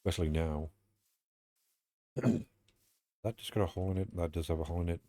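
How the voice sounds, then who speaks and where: Young British streamer, low voice, rambling and self-mocking chat, a bit sweary. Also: male voice, fairly even intonation, fairly quick, dark tone, dry recording, clean studio sound. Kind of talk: casual streaming chat while playing.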